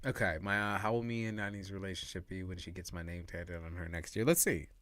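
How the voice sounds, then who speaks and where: A man's voice: deep voice, fast, a bit bright, slight background noise. A man giving casual, slangy tarot readings on a live stream, laughing often and repeating his points. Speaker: tarot reader.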